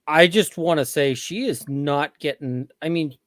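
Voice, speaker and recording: A man co-hosting a livestream, speaking in a halting, soft-spoken way with many fillers. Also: fairly high pitch, dry recording. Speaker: co-host. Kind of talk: casual livestream chat.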